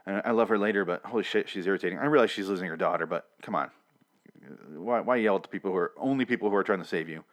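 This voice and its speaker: A man's voice: deep voice, rapid-fire. A man casually recapping a TV episode, with blunt, profane rants.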